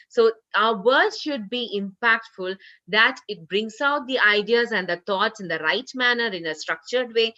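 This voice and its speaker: A woman's voice: mid-range voice, sharp tone, muffled recording. A woman corporate trainer giving an online training session, earnest, repeating herself with many "you know" fillers. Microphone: video call.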